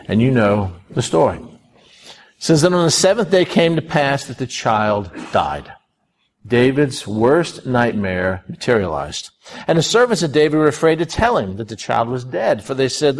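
Male preacher, sermon delivery, gravelly texture, dramatic storytelling with swings of pitch. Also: moderate pace, slight background noise. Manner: storytelling, animated, with sudden rises and drops.

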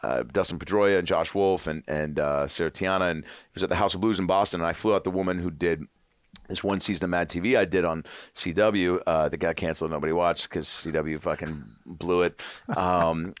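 Deep voiced guy riffing fast on a podcast, swears a lot, dry sound. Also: steady tone, smooth, dry recording. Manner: rambling, profane storytelling with acted voices. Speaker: comedian guest. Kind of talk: casual podcast chat.

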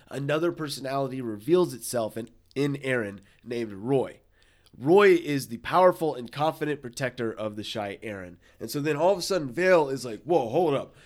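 A man with an everyday mid-pitched voice has the hiccups while co-hosting a casual film podcast. He keeps breaking into laughter, stumbles and restarts, and swears now and then as he pushes through his recap. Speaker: podcast co-host. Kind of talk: casual movie chat.

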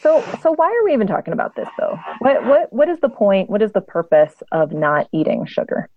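A woman's voice: medium pitch, big pitch swings, fairly quick, narrow, tinny audio, slight background noise. A woman co-hosting a podcast, asking questions in a playful, joking way. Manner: playful, asks questions, jokey. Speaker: podcast co-host. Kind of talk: casual podcast chat.

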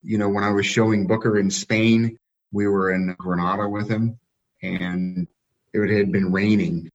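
Guy with a lowish voice chatting about showing his dogs, easygoing, kinda muffled audio. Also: measured pace. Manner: relaxed, anecdotal, laughs at own stories. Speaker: dog breeder and show handler. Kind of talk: casual storytelling.

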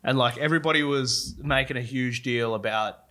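A man hosting a casual podcast chat, agreeable, quick to laugh and say yeah. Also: mid-range voice, pushed and bright. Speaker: podcast host.

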